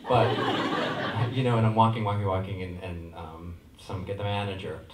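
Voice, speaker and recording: A man in his forties answering at a convention panel, telling stories with halting restarts and chuckles. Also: low-pitched, steady tone. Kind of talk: rambling anecdotal panel answer. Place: large convention hall. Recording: echoey hall, far from the mic, noisy.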